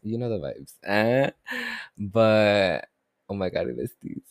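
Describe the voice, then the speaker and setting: A man hosting a casual podcast chat, excitable and slangy, cursing freely and hungover. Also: on the low side, slow pace, dry recording, studio quality. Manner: excitable, slangy, swears a lot, mixes in Spanish. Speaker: podcast host. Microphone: podcast microphone.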